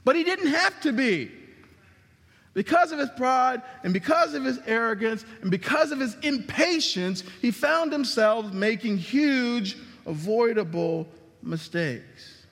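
A man preaching a sermon as pastor, emphatic, with sweeping swings in pitch and volume. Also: lively intonation, unhurried, fairly bright tone, in a large hall. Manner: emphatic preaching with dramatic drops and rises in pitch.

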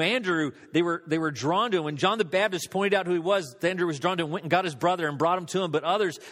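Pastor, male, high-pitched, chatty self-mocking sermon, reverberant sanctuary. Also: a bit bright. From Southern United States. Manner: storytelling, conversational, self-deprecating.

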